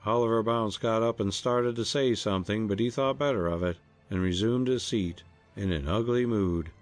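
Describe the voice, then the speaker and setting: A man narrating an audiobook in an even storytelling delivery. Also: fairly low pitch, moderate pace, soft background music.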